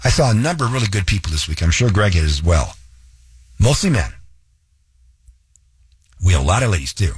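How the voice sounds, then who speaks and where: A man hosting a radio talk show, coaching listeners directly and spelling out details slowly. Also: low voice, very animated, breathy edge, no room sound.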